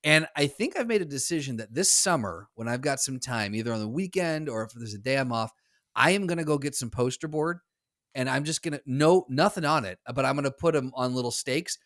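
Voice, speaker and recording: Animated man ranting in casual podcast chat. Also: mid-range voice, fairly quick. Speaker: podcast co-host.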